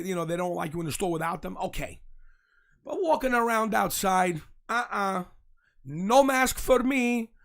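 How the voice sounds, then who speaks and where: A man, hosting a live show and telling stories in a brash, mocking, animated way. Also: high voice, vocal fry. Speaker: host. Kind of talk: casual live-stream rant.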